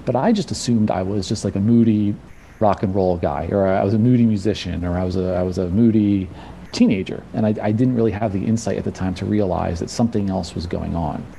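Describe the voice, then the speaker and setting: A man's voice: fairly low pitch, a little fast, creaky, dark tone, slight background noise. A man from New Jersey who works as a personal trainer, talking casually and openly as an interview guest and often repeating words as he starts a sentence. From New Jersey, USA. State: slightly out of breath.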